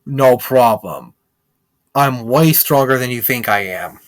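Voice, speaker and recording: A man's voice: mid-range voice, slow, close to an everyday voice. A man voicing a cocky, tough three-year-old girl who talks in a boastful, blunt way.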